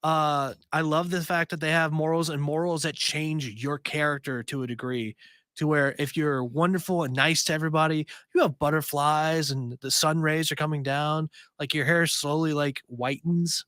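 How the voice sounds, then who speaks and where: A man's voice: a little high, steady tone, moderate pace, fairly bright tone, no echo, clean studio sound. A man co-hosting a podcast, talking enthusiastically in casual panel chat, rambling a little with fillers. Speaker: podcast co-host.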